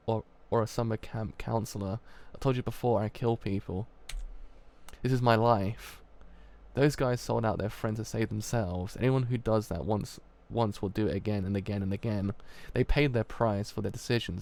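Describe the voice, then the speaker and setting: A man's voice: on the low side, fairly even intonation, normal speed, creaky, a little mellow. A man doing a bitter teen gang boss. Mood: angry. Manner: curt, angry, defiant. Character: hardened teenage male gang leader, bitter and defiant.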